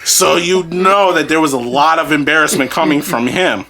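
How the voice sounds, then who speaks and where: A man's voice: a little high, moderate pace, background noise. A man co-hosting a podcast, telling a story in a casual, comedic way, laughing through it and swearing freely. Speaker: podcast co-host.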